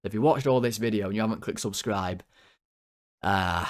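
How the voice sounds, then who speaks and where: A young man hosting a football fan channel, ranting through player ratings, swearing, his voice jumping high when worked up. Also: normal speed. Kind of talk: player ratings rant to camera.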